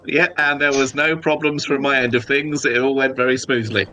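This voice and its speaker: A man playing a tabletop game, making deadpan jokes. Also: medium pitch, normal speed. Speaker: player. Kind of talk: casual tabletop play.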